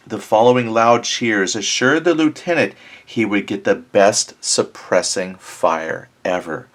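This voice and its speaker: A man's voice: on the low side, unhurried, hardly any pauses, a bit bright. A man hosting a tabletop game let's-play, chatting casually and thinking aloud, often correcting himself, with wry self-deprecating asides.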